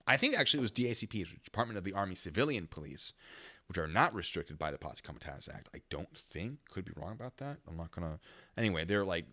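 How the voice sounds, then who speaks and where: A man's voice: low voice, sing-song, fast, pushed and bright, dry recording. A man, a former military police investigator, telling a story in a casual stream, rambling and correcting himself as he goes.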